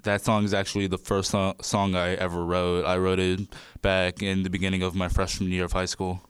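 Teen male guest, very low flat voice, clear and dry, reflective and a little hesitant. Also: fairly quick, dry recording. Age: teens. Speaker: student musician guest. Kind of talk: radio interview.

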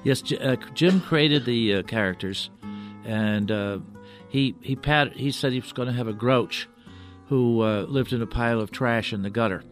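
An older man, a puppeteer, telling stories in a halting, rambling way as a guest in a radio studio. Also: medium pitch, soft background music. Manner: rambling, halting, full of restarts. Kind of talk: radio interview storytelling.

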